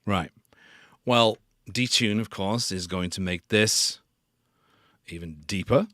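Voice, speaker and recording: A man with a lowish voice talks through a live tutorial at an unhurried pace. He is casual and self-deprecating. The recording is dry and close. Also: a bit bright, no echo. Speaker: sound designer hosting a tutorial.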